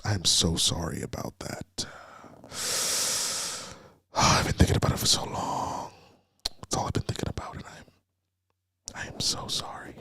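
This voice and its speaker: A man voicing a creepy, overly apologetic guy leaving late-night messages, in a low, breathy half-whisper as a whispered role-play. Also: lively intonation, slow, long pauses, fairly bright tone, full character voice.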